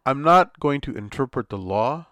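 A man's voice: medium pitch, expressive, moderate pace, a bit bright, no room sound, studio quality. A man, the host's son, chatting earnestly on a podcast and insisting on proper, polite language. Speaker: podcast co-host. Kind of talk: casual chat.

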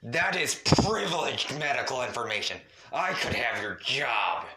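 A man voicing an enraged male troll ancestor who shouts and snarls. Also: mid-range voice, very animated, a little slow, roomy sound, very noisy. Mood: furious.

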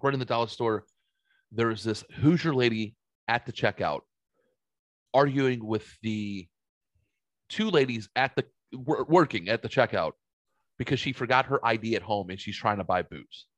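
A man's voice: mid-range voice, moderate pace, pauses often, dry recording. A man hosting a show, telling rambling stories in casual chat with plenty of swearing. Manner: profane, rambling, animated storyteller.

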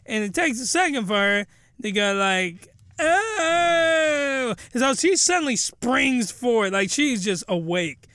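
A man giving a crude, rambling comedic recap of a show in an animated way. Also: high voice, normal speed, no echo, studio quality.

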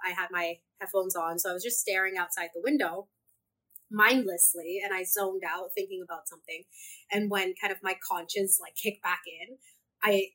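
A young woman from Hong Kong, a podcast guest telling a story in a lively, casual way and laughing often. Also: medium pitch. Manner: animated, laughs often, acts out her own thoughts.

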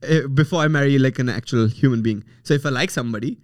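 Male podcast co-host, mid-pitched, relaxed and rambling. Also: fast talker, no echo, clean studio sound. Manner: laid-back, hesitant, full of fillers like "like". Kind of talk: casual podcast banter.

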